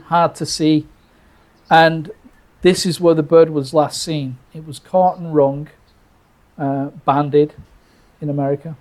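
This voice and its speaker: A man from Britain tells a birding story in a casual, animated way. He restarts his sentences often and acts out what people said. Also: on the high side. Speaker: birder telling a story.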